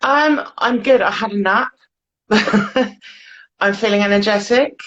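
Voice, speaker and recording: A woman's voice: medium pitch, slow pace, fairly bright tone, highs cut off. A woman from the United Kingdom, a blogger guest on a casual chat show, talking in a chatty, storytelling way and laughing easily.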